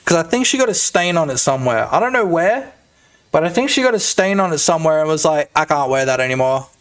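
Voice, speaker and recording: A young man live-streaming, chatting crudely and loosely to his viewers with a slightly high voice. He rambles, swears freely and tacks "you know what I'm saying" onto his jokes, speaking into a desk mic. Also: big pitch swings, fast. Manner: crude, rambling and jokey, with lots of filler tags. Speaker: streamer and indie game developer. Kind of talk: casual live-stream chat.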